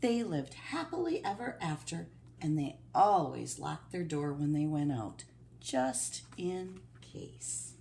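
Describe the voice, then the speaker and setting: A woman reads a children's story aloud at an unhurried pace, her pitch moving a lot as she reads. She speaks clearly in a gentle, storytelling manner. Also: a little hiss or hum. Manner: slow, expressive reading.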